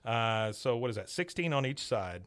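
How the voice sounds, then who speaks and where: Bright, lively male podcast host. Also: medium pitch, moderate pace, smooth. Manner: animated retelling, chuckles often. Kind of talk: casual episode recap.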